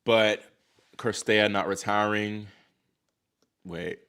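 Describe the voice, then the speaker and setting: Excitable young man chatting on a livestream. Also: on the low side, slow pace, smooth. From Virginia, US. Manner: excitable, talks to chat, sighs and exclaims. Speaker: livestream host reacting to tennis. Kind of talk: casual live-stream chat.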